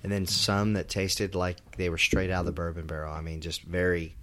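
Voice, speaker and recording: A man with a fairly low voice joins a casual beer-tasting podcast as a guest taster. He makes his points emphatically, building them up by repeating phrases. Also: little pitch movement, a little fast, bright, forceful tone, slight background noise.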